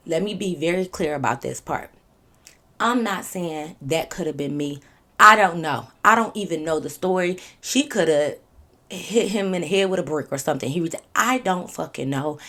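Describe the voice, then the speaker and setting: A young woman telling a casual storytime to her viewers, animated and swearing freely. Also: deep voice. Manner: animated, swings into loud acted-out quotes, swears freely. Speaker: storytime vlogger.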